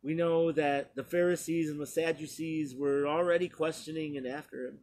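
A male pastor preaching a sermon, retelling a scripture story slowly with frequent pauses. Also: fairly high pitch, fairly even intonation, darkish tone.

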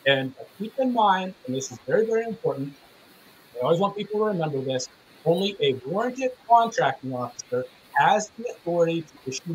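A man with a fairly high voice presents a webinar class on a video call. He teaches in an earnest, conversational way and leans hard on the points that matter. His voice comes through a call microphone. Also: slight background noise, poor audio. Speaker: small business procurement specialist presenting.

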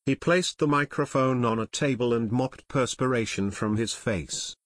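A man narrating a full-length audiobook in a steady storytelling manner. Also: mid-range voice, normal speed, no echo, clean studio sound. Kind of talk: scripted narration.

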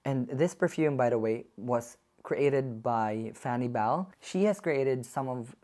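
A man's voice: medium pitch, slow pace. Gushing man reviewing perfumes. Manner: gushing and effusive, often dropping to a soft hush. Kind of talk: casual perfume haul vlog.

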